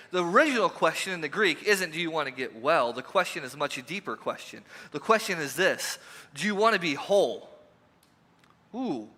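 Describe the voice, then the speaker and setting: A man's voice: sits high, bright, forceful tone. A pastor preaching a conversational sermon to his congregation, repeating rhetorical questions and dropping in joking asides. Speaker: lead pastor. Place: church sanctuary. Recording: long hall reverb.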